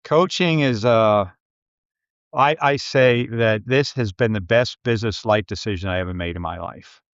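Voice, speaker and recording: Low-voiced man telling coaching stories. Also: normal speed, smooth, dry recording, dull audio. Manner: lively storyteller who acts out quoted people. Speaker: business coach. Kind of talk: storytelling in a podcast interview.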